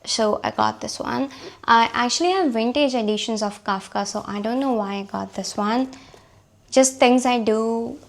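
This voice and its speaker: Hoarse, chatty woman book vlogger. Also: a little high, normal speed. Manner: chatty and self-deprecating. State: hoarse from a cold. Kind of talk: casual chat about books.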